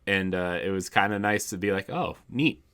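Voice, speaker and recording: A man's voice: low voice, little pitch movement, fairly quick, bright, forceful tone, smooth. A man co-hosting a gaming podcast, chatting casually and enthusiastically, with lots of "like" fillers. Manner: enthusiastic, filler-heavy rambling. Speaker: podcast co-host. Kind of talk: casual chat.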